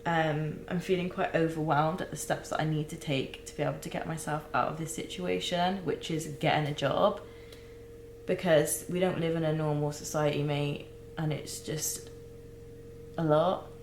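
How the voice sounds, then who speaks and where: A young woman recording a candid personal vlog, talking haltingly with many restarts and close to tears. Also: deep voice, fairly even intonation, echoey room, slight background noise, rough recording. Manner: halting, searching for words, many fillers and restarts. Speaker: vlogger.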